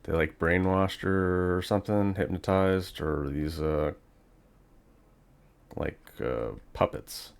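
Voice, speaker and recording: Low-voiced man musing over gameplay. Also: takes it slowly, creaky, clean tone. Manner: musing, rambling, thinks aloud with fillers. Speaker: gaming channel host. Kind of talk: casual gameplay commentary.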